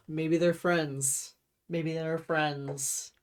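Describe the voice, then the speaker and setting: A woman's voice: on the low side, a little slow. A young woman co-hosting a book chat, chiming in with exasperated, mocking remarks. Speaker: co-host. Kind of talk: casual chat.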